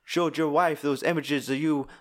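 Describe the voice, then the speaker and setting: A man's voice: a little high, fairly even intonation, normal speed, pitched above the performer's own voice, lightly acted. A man putting on a threatening older male preacher, taunting him. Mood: menacing.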